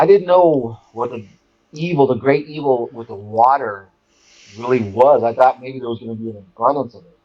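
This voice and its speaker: A man talking casually as an interview guest, recounting his experiences and acting out quotes with sudden jumps in pitch. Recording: dull lo-fi audio.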